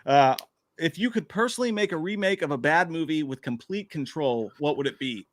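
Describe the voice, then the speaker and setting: A man's voice: a little high, lively intonation, brisk, no echo. A man co-hosting a casual live stream, cursing freely, laughing often and reading chat messages aloud. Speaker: podcast co-host.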